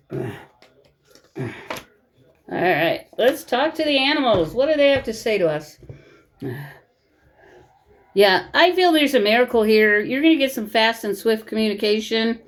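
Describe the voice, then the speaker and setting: A woman's voice: a little high, lively intonation, unhurried, long pauses, slight background noise. A woman giving a casual tarot reading to camera from her bedroom at home. She talks in a chatty, reassuring way and keeps checking in with listeners. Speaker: tarot reader.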